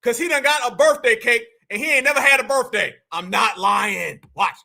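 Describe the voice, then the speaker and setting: A man hosting a live reaction show, talking in a loud, mocking, animated way and often shouting. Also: very high-pitched, moderate pace, vocal fry. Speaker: online show host.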